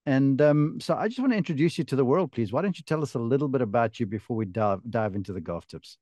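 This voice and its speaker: A man's voice: medium pitch, animated, quick pace, warm tone, no echo, studio quality. A man with a South African accent hosting a golf interview, chatty and enthusiastic with frequent restarts. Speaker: podcast host and golf broadcaster. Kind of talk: casual interview chat.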